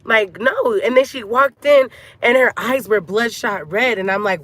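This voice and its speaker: A woman from a Cuban family, upset and close to tears, vents in an emotional storytime vlog, addressing her viewers like girlfriends. Her voice is a little high and a bit bright, her pace unhurried, and there's no echo.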